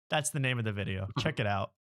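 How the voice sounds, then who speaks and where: A man's voice: medium pitch, normal speed, fairly bright tone. Joking male talk show host. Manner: joking, mocking, laughs often. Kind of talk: casual comedic chat.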